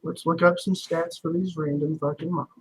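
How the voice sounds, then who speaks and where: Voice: mid-range voice, fairly even intonation, normal speed, slightly rough, rough recording. A game master casually narrating a tabletop game, swearing freely and speaking loosely.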